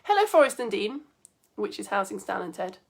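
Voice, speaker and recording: A woman's voice: mid-range voice, sing-song, brisk, gravelly. A young woman teaching science in a live online lesson for children, chatty and bubbly, greeting viewers by name.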